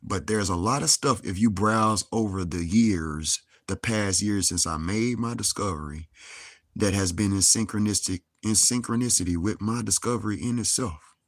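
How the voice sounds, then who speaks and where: In clean studio sound with no room sound, a young man with a fairly low voice speaks at a moderate pace. He is a vlogger giving an angry monologue to camera, full of heavy cursing and rhetorical questions.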